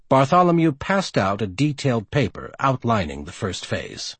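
A male audiobook narrator with a husky voice whose pitch rises and falls a great deal as he reads. He sounds close and completely dry, at a middling pitch. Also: huge pitch swings, moderate pace, hardly any pauses, no echo. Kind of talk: scripted narration.

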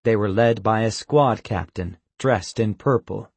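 A man narrating an audiobook in a measured, expressive way. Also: fairly low pitch, breathy edge, no echo.

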